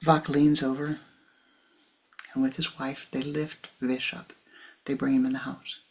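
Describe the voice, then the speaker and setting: A woman spiritual teacher telling a story in a sermon, hushed and dramatic, often sliding into a whisper. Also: extremely low pitch, little pitch movement, unhurried.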